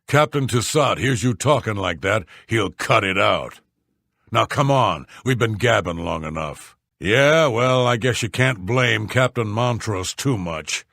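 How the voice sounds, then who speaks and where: An actor voicing a series of rough male warriors, guards and sailors in video game dialogue, blunt and scornful. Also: fairly low pitch, animated, unhurried, fairly bright tone, no echo, clean studio sound, heavily acted. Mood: gruff.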